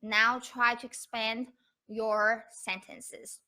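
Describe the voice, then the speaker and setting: A woman gives a live-streamed beginner lesson, patient and fond of repeating herself. Her voice sits a little high and sounds very bright and clear. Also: little pitch movement, drawn-out words. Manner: patient, repeats key points, mixes English and Mandarin. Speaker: Mandarin teacher.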